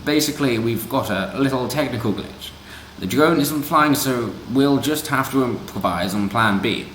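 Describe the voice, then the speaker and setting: A man's voice: animated, normal speed, fairly bright tone, a little hiss or hum, close to an everyday voice. A man putting on a mocking voice for a male protest activist, upbeat and exaggerated. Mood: chirpy. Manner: exaggerated high cheery mimicry. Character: mocked male drone activist, chirpy and upbeat. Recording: roomy echo.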